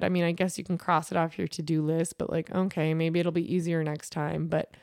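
An earnest woman in her thirties hosts a podcast and talks through a personal story, circling back and restarting her sentences as she goes. Her voice sits a little low, and the recording is dry and close with no room sound. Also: vocal fry, a little mellow, no room sound. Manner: earnest, rambling, many fillers and restarts. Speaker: podcast host.

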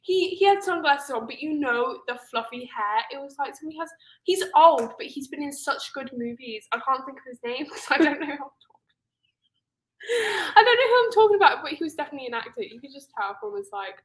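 A young British woman co-hosting a podcast in casual chat, animated, laughing often and acting out quotes. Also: high-pitched, a little fast, poor audio. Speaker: podcast co-host.

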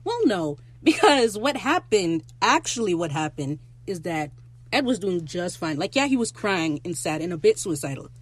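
Recap host: excitable, profane, wandering asides, casual delivery. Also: medium pitch, moderate pace.

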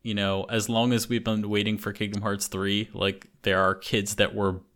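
A man's voice: fairly low pitch, flat delivery, moderate pace, a bit bright. Rambling male podcast host. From English-speaking country. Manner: rambling with frequent fillers and restarts. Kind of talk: casual podcast chat.

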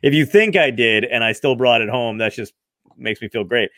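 A man hosting a casual chat with a comedian, laughing often and chiming in with quick, profane agreement. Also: mid-range voice, fairly bright tone, no room sound, clean studio sound.

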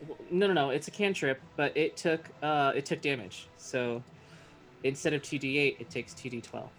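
A man's voice: mid-range voice, steady tone, normal speed, fairly bright tone. A man playing in a tabletop game, explaining his spell and damage rolls. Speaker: player. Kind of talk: casual tabletop play.

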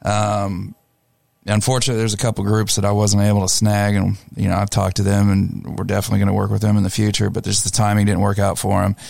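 Gravelly laid-back male radio co-host. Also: fairly low pitch, quick pace, no room sound. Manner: relaxed, laid-back, talks through lineups. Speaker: radio co-host and show promoter. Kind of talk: casual radio chat.

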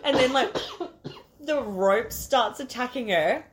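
A woman's voice: on the high side, animated, slow pace. A woman co-hosting a casual movie podcast, swearing freely and laughing often. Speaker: podcast co-host. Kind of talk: casual movie review chat.

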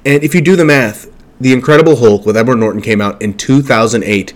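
A man talking through an episode in a relaxed, chatty way. His voice sits at an ordinary middle pitch, and his enthusiasm comes through as he stumbles and restarts mid-sentence. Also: fast talker. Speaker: show recapper. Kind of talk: casual episode recap.

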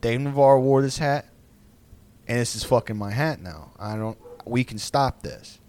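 A man voicing his gruff, hard-drinking father, blunt and matter-of-fact in a low tone. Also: moderate pace, a little mellow, a little hiss or hum, natural voice.

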